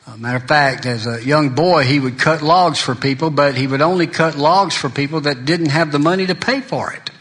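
Preaching with few pauses, a middle-aged pastor talks a little fast in a somewhat high, slightly bright voice. His sermon is full of folksy stories, and he performs the lines of his friends.

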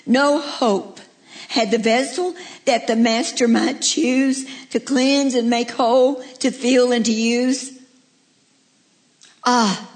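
A woman's voice: fairly high pitch, fairly even intonation, slow. A woman preaching a heartfelt sermon as a radio preacher, telling stories and reading a poem. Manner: storytelling, heartfelt.

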